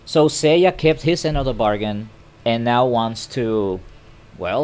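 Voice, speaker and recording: Talking to a camera, a male anime recap vlogger chats his way through an episode's events, stammering now and then. He has a medium-pitched, slightly mellow voice and keeps a measured pace.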